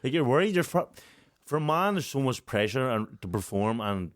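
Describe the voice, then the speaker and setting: A Northern Irish co-host in his thirties tells a story in casual podcast chat, his voice mid-range at a moderate pace. He's animated and profane, laughing often as he goes.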